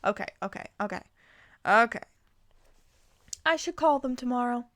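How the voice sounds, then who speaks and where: A giggly young woman reads fan fiction aloud, stopping for sarcastic comments. Her voice sits somewhat high, and the sound is close and dry with no room around it. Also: no echo. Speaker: channel host reading fan fiction. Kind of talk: dramatic reading with comic asides.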